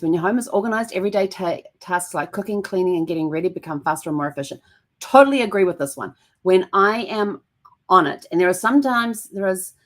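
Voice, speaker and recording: Chatty woman with a lowish voice. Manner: chatty, laughs often, acts out dialogue. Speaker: vlog host. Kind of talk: casual personal storytelling.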